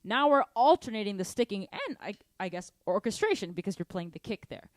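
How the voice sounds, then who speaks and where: A young woman teaching a drum lesson on a live stream, energetic and chatty, counting and singing rhythms aloud between grooves. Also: mid-range voice, fairly quick, dry recording, studio quality. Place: home drum room. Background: drum kit.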